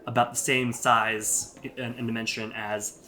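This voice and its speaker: A man running a tabletop fantasy game, with a bright, forward voice. He narrates loosely, restarting sentences and filling pauses as he goes. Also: medium pitch, flat delivery. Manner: rambling, many fillers and restarts. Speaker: dungeon master.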